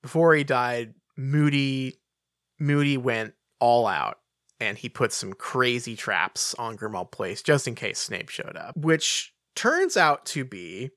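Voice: mid-range voice, lively intonation, takes it slowly, a bit bright, dry recording, clean studio sound. A podcast co-host in casual chat, mocking and incredulous, often breaking into laughter.

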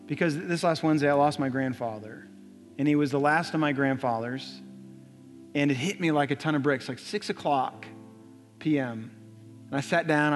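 A young adult man preaching a sermon in a church, telling a story with earnest repetition. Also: a little high. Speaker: pastor. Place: church sanctuary. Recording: long church reverb, soft music.

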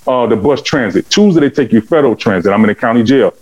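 A man's voice: mid-range voice, lively intonation, fast talker, darkish tone, muffled recording. A man telling his life story as an interview guest. He speaks fervently and animatedly, acting out the dialogue with big swings in his voice. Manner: fervent and preaching. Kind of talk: emotional testimony storytelling.

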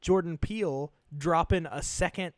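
A man co-hosting a movie podcast in casual chat, excitable and swearing freely in quick bursts. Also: fairly high pitch, slight background noise. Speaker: podcast co-host.

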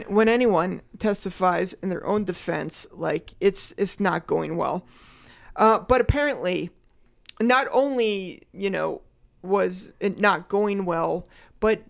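Woman host, gravelly fry, chatty true-crime storyteller. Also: mid-range voice. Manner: rambling, laughs often, many fillers. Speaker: podcast host. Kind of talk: casual true-crime podcast chat.

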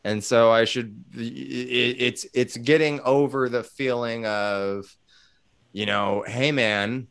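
A man's voice: medium pitch, fairly even intonation, slow pace, a bit bright, smooth. A man in casual conversation who talks animatedly, swears freely and acts out bits of dialogue. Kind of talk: casual chat.

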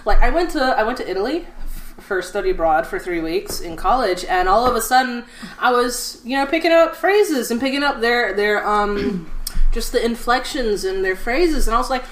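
A woman's voice: a little high, normal speed. A young woman with a Southern US accent, chatting casually and expressively, acting out voices as she tells stories. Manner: expressive, does voices when telling stories, laughs a lot. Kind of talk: casual chat. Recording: echoey room, faint noise.

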